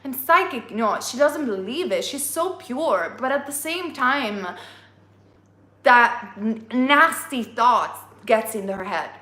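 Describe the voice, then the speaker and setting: Bright, animated woman telling a story. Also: fairly high pitch, takes it slowly, echoey room. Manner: animated storytelling, addressing listeners by star sign. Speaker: astrology reader. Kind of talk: tarot reading monologue.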